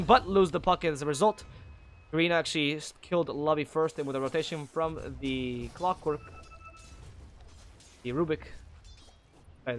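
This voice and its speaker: Fast-talking opinionated male game caster. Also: fairly high pitch. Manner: opinionated, drifts into critical rants; frequent self-corrections and repeated words. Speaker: esports caster. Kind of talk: solo play-by-play commentary.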